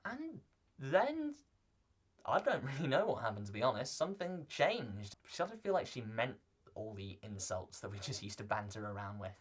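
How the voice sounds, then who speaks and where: A young man with a mid-range, sing-song, slightly rough voice plays a vlogger answering viewer questions in a scripted, in-character video. Speaking at a moderate pace, he jokes playfully and rambles off into asides.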